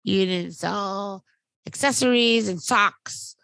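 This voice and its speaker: A woman in her thirties, podcast co-host, chatting casually and telling an animated story, acting out what others said. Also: medium pitch, slow pace, creaky, no echo. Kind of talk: casual chat.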